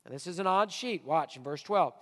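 Preaching at a fairly quick clip with lively intonation, a pastor with a high voice hammers home his points, going low and soft and then climbing to loud, almost shouted phrases. The church hall stretches his words into a long reverb.

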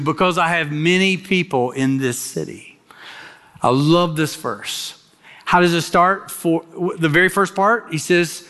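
A middle-aged man from Kentucky preaching a sermon, swinging from loud emphatic exhortation to slow hushed phrases, with folksy jokes for the congregation. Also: on the high side. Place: large church sanctuary. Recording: long hall reverb from a church sanctuary.

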